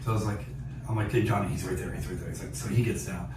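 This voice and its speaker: A man hosting a podcast, telling a hunting story in a casual, animated way, laughing often and acting out what people said. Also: fairly low pitch, very fast. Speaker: podcast host. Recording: echoey distant mic with background noise.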